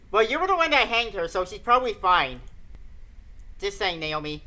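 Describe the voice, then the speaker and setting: Bright-voiced woman with wry asides. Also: medium pitch, sing-song, normal speed. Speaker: let's play host. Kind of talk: game playthrough commentary.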